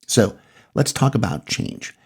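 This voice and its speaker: A middle-aged man with a Massachusetts accent, hosting his podcast and talking out loud in a loose, rambling way with small laughs. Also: measured pace. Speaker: podcast host, photographer. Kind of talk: casual solo podcast monologue.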